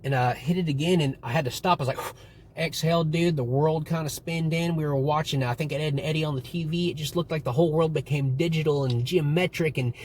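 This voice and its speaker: A man's voice: fairly high pitch, quick pace, slight background noise. A young man casually vlogging and telling stories in a rambling way, with lots of swearing. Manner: rambling, swearing, animated retelling. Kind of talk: casual storytelling to camera.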